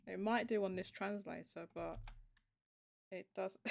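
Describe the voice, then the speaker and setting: Gravelly woman thinking aloud on stream. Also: mid-range voice, fairly even intonation. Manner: thinking aloud with halting restarts. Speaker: show host. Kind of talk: casual livestream chat.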